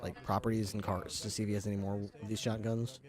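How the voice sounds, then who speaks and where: A man chatting casually while streaming a police role-play game, joking and thinking out loud. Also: fairly low pitch, flat delivery, quick pace. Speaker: streamer playing a police officer. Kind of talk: casual chat while gaming.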